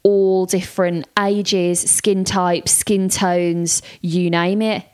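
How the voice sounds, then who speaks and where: A woman hosting a casual chat, telling stories in a measured way. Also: fairly low pitch, flat delivery, smooth. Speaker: host.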